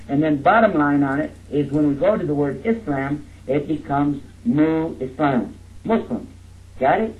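A man from Texas, giving a jokey, interactive lecture and coaxing his audience to repeat words after him. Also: fairly high pitch. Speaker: speaker teaching a live audience. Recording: narrow phone-like lo-fi sound.

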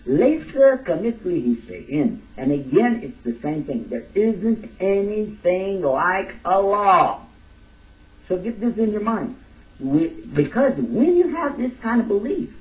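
Emphatic man preaching from afar, lo-fi. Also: darkish tone. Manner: emphatic, casual, with sudden high bursts. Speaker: Islamic teacher. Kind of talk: lecture sermon. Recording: distant dull lo-fi recording.

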